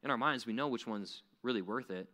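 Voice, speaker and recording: Bright-voiced young man preaching casually. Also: medium pitch, a little fast. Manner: conversational, acts out quoted voices, casual filler words. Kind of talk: sermon.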